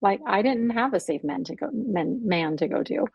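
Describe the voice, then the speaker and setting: A woman speaks with a gravelly, slightly husky voice, recounting her own story with animated emotion. The sound is dry and close, with no room echo. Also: mid-range voice, normal speed, muffled recording. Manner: emotional, animated storytelling with laughs and acted quotes. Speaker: podcast guest, abuse survivor. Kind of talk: candid personal interview.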